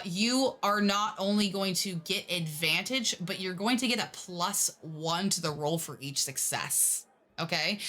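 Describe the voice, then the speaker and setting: A woman's voice: mid-range voice, sharp tone. A woman narrating a tabletop game as game master, chatty with many fillers.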